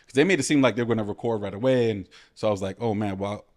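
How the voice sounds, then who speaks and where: A man from New City, telling stories as a guest in a casual podcast chat, animated and full of street slang. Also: on the low side, rapid-fire. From New York City.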